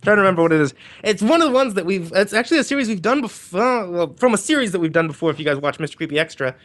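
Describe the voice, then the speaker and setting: A man's voice: high-pitched, animated, very fast, fairly bright tone. A man hosting a fundraiser livestream, chatting casually and teasing his co-hosts. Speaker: livestream host. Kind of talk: casual group chat on a livestream.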